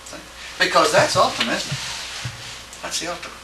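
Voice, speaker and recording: A man teaching a Greek class, lecturing haltingly and often checking with his students. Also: sits high, vocal fry. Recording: echoey room, distant mic, faint hiss.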